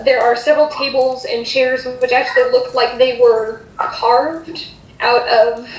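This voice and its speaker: High-pitched woman running a tabletop game, halting and rambly, recorded in a roomy space. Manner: rambling, hesitant, self-correcting. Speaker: game master. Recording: echoey room.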